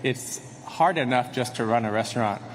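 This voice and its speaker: A man's voice: mid-range voice, moderate pace. Earnest man giving a thank-you speech. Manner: earnest, with restarts. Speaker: restaurant owner accepting an award. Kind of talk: acceptance speech. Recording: reverberant hall with faint noise.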